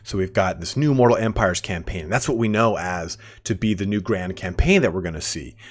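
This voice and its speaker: A man's voice: deep voice, brisk. A man giving casual, rambling game commentary, full of fillers and restarts. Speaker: gaming commentator.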